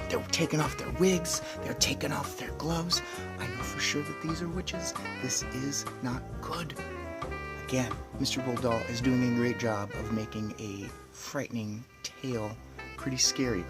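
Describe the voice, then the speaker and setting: A man hosting an audiobook listen-along, reacting excitedly in a playfully hushed way. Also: mid-range voice, a little slow. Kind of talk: hushed live reaction commentary. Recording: loud music underneath the voice.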